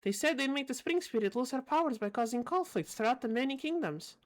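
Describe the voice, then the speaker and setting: Sonia, a gentle young princess, voiced by a woman. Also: sits high, brisk, pitched above the performer's own voice, natural voice. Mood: earnest. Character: young princess, earnest and relieved.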